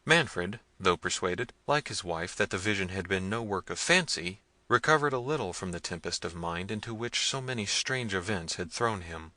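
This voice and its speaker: A man reading a gothic novel aloud in measured, scripted narration. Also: sits low, lively intonation, bright, forceful tone, no echo. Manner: measured storytelling. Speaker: audiobook narrator.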